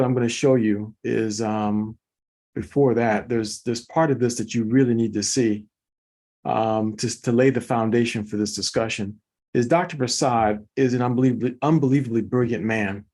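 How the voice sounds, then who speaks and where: A man's voice: medium pitch, a little mellow. Enthusiastic man presenting slides. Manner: enthusiastic, addresses viewers as folks, repeats words for emphasis. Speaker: host presenting product commentary. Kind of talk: informal online presentation with slides.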